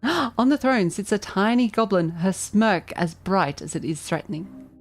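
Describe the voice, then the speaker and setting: A woman streaming a game live, chatting excitably and reading the game's narration aloud. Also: mid-range voice, measured pace, faint music behind. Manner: excitable, chatty, self-deprecating. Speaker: vtuber streamer.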